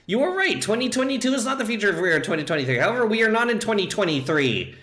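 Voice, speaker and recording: A man performs a full character voice, reading as a stubborn AI chatbot convinced it's right. He speaks very fast and very animatedly with a sharp tone, delivering stiff, insistent replies and dropping low on the sign-offs, all in a roomy-sounding space.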